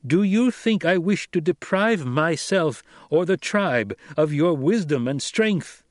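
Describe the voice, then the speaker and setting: Man playing a young noble heir, cold, slow, commanding, raised higher voice, dry audiobook sound. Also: lively intonation, dry recording.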